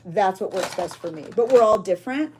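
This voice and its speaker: A woman's voice: medium pitch, lively intonation, fairly quick, noisy background. A woman chatting casually on a livestream while she crafts, reading viewer comments aloud and reacting with gasps and exclamations. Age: adult with a child. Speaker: junk journal creator hosting a livestream.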